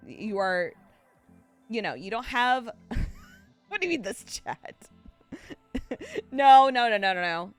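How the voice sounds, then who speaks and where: A woman's voice: mid-range voice, smooth. A woman streamer chatting casually with her viewers, rambling and laughing often at herself. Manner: giggly, rambling, self-mocking. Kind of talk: casual live-stream chat.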